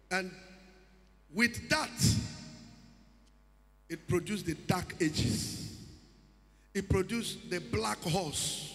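A preacher with a high voice delivers an emphatic sermon. His words ring out with long reverb in a large space. Soft music plays underneath. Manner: emphatic preaching, breaking into song. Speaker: pastor.

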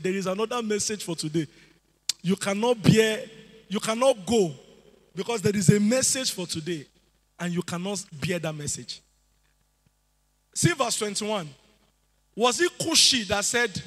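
A man preaching a sermon to a church, animated and sing-song, at times rising to shouts. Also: sits high, a little slow, long pauses. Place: church hall. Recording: echoey hall with music behind.

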